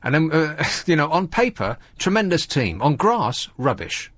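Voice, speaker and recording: A man's voice: a little high, sing-song, moderate pace, a bit bright, dry recording. A man hosting a radio show, talking in a casual comic monologue full of sarcastic, mocking asides. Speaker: radio host.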